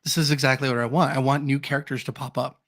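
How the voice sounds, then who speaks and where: Easygoing laughing podcast co-host. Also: male voice, mid-range voice, level tone, fast talker, a bit bright. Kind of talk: casual chat.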